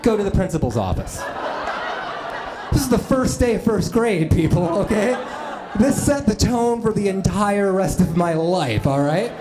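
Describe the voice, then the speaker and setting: Against a noisy background, a man from the US Midwest with a high-sitting voice tells funny stories about himself to a live audience at normal speed. He's chatty and self-deprecating, with frequent asides to the crowd.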